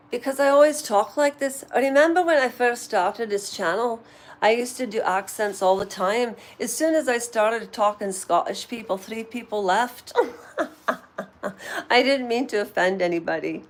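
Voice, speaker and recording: A woman's voice: medium pitch, measured pace. A woman from Canada, hosting a casual live chat from home and rambling through asides and fillers. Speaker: livestream host. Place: at home while cleaning.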